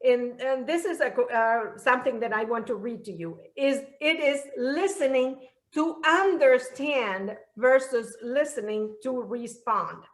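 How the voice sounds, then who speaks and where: A woman's voice: on the high side, measured pace. A woman in her sixties from Argentina, co-presenting a church seminar and explaining with everyday examples. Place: church hall.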